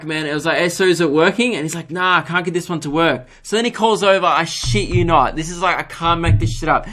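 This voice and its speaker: A young man hosting a solo podcast. He tells a story in a casual, self-mocking way, swears freely and jumps up in pitch to mimic the people he quotes. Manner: animated, jumps into higher voices to mimic others. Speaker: podcast host.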